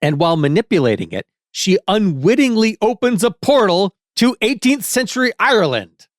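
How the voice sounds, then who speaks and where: A man co-hosting a podcast, pitching a story idea and joking with the others. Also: very animated, moderate pace, dry recording, studio quality. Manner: laughs easily, swears casually. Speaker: podcast co-host. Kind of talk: casual chat.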